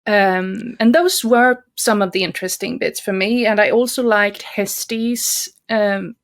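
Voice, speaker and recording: A woman's voice: mid-range voice, unhurried. Chatty woman discussing a book. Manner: chatty, laughs often, many restarts. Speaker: podcast co-host.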